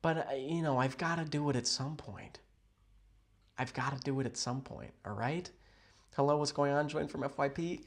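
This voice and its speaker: A man chatting casually with viewers on a livestream from a hotel room, rambling, playful and sarcastic, jumping between loud outbursts and mutters. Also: mid-range voice, normal speed. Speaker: livestream host.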